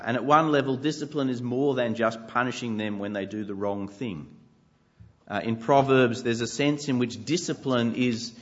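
Earnest preacher, conversational delivery, slightly dull lo-fi sound. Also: male voice, mid-range voice. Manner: earnest, conversational with light self-deprecating humor. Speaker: pastor. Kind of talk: sermon.

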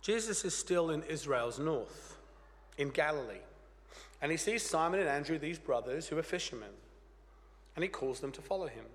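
A pastor with a croaky voice from a cold, preaching an earnest, plain-spoken sermon with light humor. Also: male voice, fairly high pitch, animated, moderate pace, a bit bright. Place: church. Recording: church hall reverb.

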